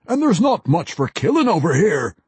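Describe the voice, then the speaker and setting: A man voicing a wild, gruff male dwarf battle rager who barks and snorts his lines in rough dialect speech. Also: sits high, sing-song, moderate pace, darkish tone, no echo, voice pushed up, full character voice.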